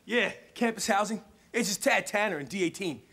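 A man's voice: high voice, lively intonation, a little fast, noisy background. A young man playing a cocky, dismissive college student in a comedy sketch. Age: young adult. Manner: cocky, dismissive, laid-back.

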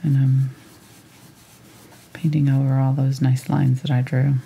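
A woman teaching a live painting tutorial step by step, thinking aloud as she works in a relaxed, chatty way. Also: rumbling low, a little slow, vocal fry, a little hiss or hum. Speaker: painting instructor.

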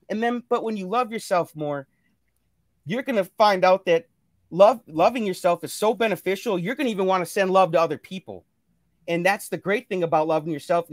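A man with a fairly high voice speaks in an earnest, preachy, motivational way, circling back to the same points again and again. The sound is dry and close, with no room echo. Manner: earnest, preachy, repeats phrases. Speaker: guest. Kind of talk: motivational casual chat. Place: live stream call.

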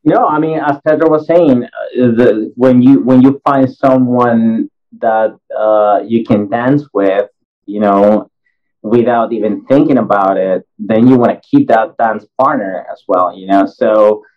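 A man's voice: medium pitch, measured pace. A man, an actor guest talking in a podcast interview, earnest and hesitant. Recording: dull lo-fi remote audio.

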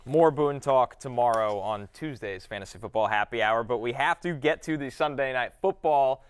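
A man co-hosting a fantasy football show, briskly steering the talk from one topic to the next. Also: medium pitch, smooth. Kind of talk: sports podcast hosting.

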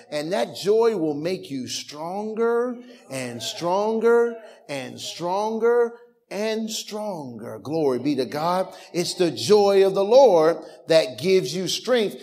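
This sermon comes from a man whose voice sits high. He preaches with animation, drawing call-and-response and laughter and shouting certain lines, and his informal delivery keeps restarting and repeating itself.

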